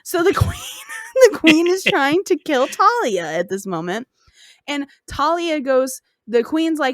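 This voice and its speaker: A woman podcast host retells a folk tale in a casual way, cursing, using slang, and joking as she goes. Her high voice is very animated at a measured pace, captured in a dry, clean studio recording.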